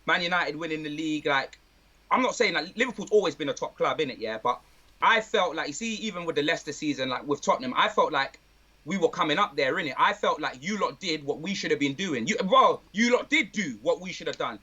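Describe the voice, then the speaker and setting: A man chatting casually about football, full of street slang and lively banter. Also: a little high, a little fast, slightly rough, muffled recording. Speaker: guest, football fan. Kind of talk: casual chat.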